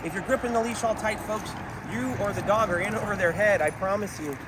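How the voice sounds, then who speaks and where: A man's voice: high-pitched, brisk, heavy background noise. A man working as a dog trainer, giving an outdoor training talk to camera and encouraging viewers he keeps calling folks. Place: outdoors in a town.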